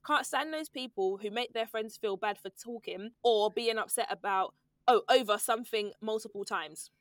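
A woman's voice: fairly high pitch, normal speed, no echo. A young woman co-hosting a podcast in a casual, laughing chat. She sounds a little congested. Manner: chatty, laughing, teasing. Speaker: podcast co-host.

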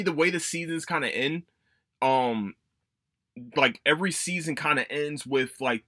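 Casting: young guy, solo podcast host, bright voice, loose and swearing, dry close sound. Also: a little high, no echo. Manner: rambling, profane, animated. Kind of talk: casual solo chat.

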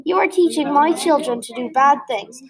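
A woman voicing a strict scolding mother bird, stern and shrill. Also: animated, normal speed, crowd noise, low-quality recording.

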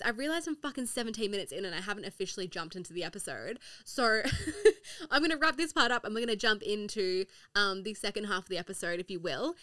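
A woman's voice: mid-range voice, sharp tone. A young woman hosting her own podcast in casual solo chat, swearing freely, laughing often and filling her talk with "like.". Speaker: podcast host. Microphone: own podcast mic.

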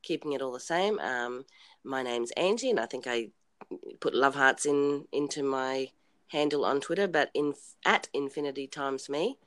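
A woman's voice: extremely low pitch, moderate pace, a bit bright, dry recording. An Australian woman talking as a guest in a casual podcast interview, chatty and hesitant, with frequent ums and easy laughter.

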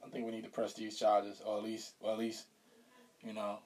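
A man's voice: on the low side, completely flat delivery, brisk, darkish tone, husky, distant mic, rough recording. A man co-hosting a podcast, trading teasing jokes in casual chat. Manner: joking, teasing reactions. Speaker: podcast co-host.

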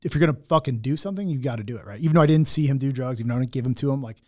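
A man's voice: medium pitch, racing, darkish tone. Blunt man telling a raw personal story. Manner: raw, blunt, swears often, many restarts. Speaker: guest telling his story.

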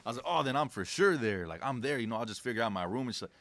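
A man's voice: medium pitch, lively intonation, racing, fairly bright tone, no echo. A young man speaking as a podcast guest, laid-back and reflective, telling stories in casual slang. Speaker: podcast guest, credit specialist. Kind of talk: casual conversation.

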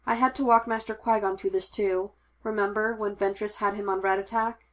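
A woman reading a firm, steady Jedi knight. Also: medium pitch, a little fast, close to an everyday voice. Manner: firm, commanding, reassuring. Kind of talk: audiobook reading of fan fiction.

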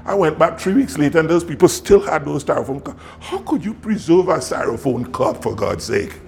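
A man's voice: fairly high pitch, lively intonation, brisk, creaky, a little mellow, slight background noise. A man, a pastor, telling a story in a sermon. He laughs often and acts out the people he quotes.

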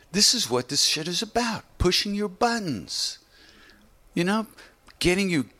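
A man's voice: medium pitch, a bit bright. A man giving an informal spiritual teaching talk in a loose, conversational way, often saying "you know".

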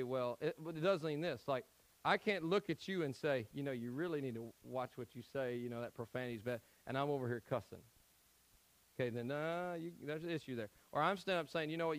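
A man's voice: mid-range voice, rough recording. A man from Tennessee preaching an evening Bible study, conversational, with frequent "okay?" check-ins to the congregation. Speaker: pastor.

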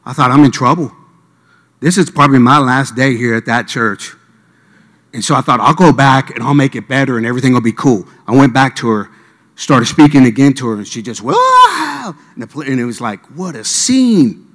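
Speaking a little fast, a Miami preacher relates a sermon story and acts out each character's voice. A large hall gives his mid-pitched voice a long reverb.

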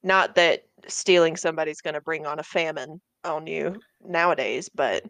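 A woman's voice: deep voice, moderate pace, a bit bright, no room sound. A young woman in a casual book chat, speaking earnestly and with emphasis. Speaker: podcast co-host.

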